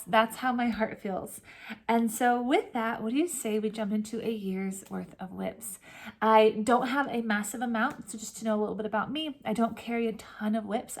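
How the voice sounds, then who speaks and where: A woman hosting a cross-stitch vlog, chatting warmly and emotionally to camera from home, with soft whispered asides. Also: on the high side. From California. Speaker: Flosstube host. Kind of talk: casual chat to camera.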